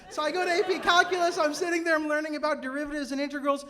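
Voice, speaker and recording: A man with a very high voice tells a personal story live on stage before an audience. He is animated and self-mocking, dropping quick asides and laughing at himself. He sounds like a man in his thirties.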